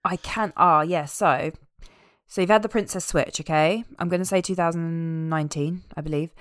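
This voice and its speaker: A woman's voice: lowish voice, moderate pace, dry recording, clean studio sound. Chatty woman recapping a film. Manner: chatty, animated, tangents with wry asides. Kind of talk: casual chat recapping a film.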